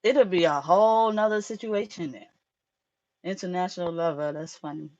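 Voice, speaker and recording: A woman's voice: lowish voice, normal speed, darkish tone, dull audio. A woman hosting a live tarot stream, chatting casually with viewers in a frank, profane way, often laughing.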